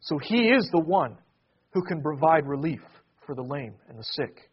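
A man preaching a sermon in a husky, fairly high voice. His delivery swells into emphatic peaks and then falls back to hushed lines. The recording is dull and lo-fi. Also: big pitch swings, moderate pace. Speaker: pastor.

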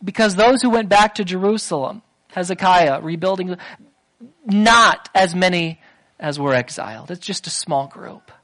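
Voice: mid-range voice, normal speed, fairly bright tone, low-quality recording. A preacher delivering a sermon with emphatic delivery, repeating phrases and building to raised intensity.

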